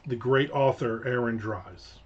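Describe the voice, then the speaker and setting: A man's voice: medium pitch, measured pace, slightly rough. A man from the United States chats on a livestream, answering viewer comments with jokes. His talk rambles, trails off and starts over. The sound is a little muffled and lo-fi. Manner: rambling, jokey, trails off and restarts often. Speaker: livestream host. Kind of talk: casual livestream chat reading viewer comments. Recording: slightly dull lo-fi home mic.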